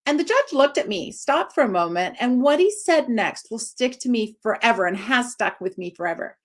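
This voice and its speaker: Woman dog trainer, forties, informal live talk, expressive, pitch leaping high for emphasis, fairly high voice. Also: normal speed.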